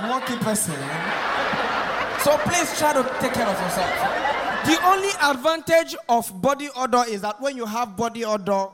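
A man with a Nigerian Pidgin accent doing a teasing stand-up bit and checking in with the crowd. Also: very high voice. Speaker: stand-up comedian. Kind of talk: stand-up routine. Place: live stage. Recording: echoey venue with loud background noise.

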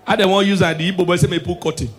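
A man with a Nigerian Pidgin accent doing a stand-up comedy set, swinging from low preachy asides to loud shouted punchlines. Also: fairly even intonation, rapid-fire, slight background noise.

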